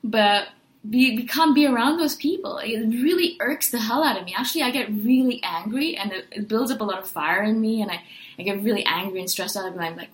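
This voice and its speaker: A woman speaks in a casual, earnest monologue, venting and firing off rhetorical questions. Her voice sits a little high. The room around her gives a noticeable echo. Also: a little fast. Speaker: personality-type video host.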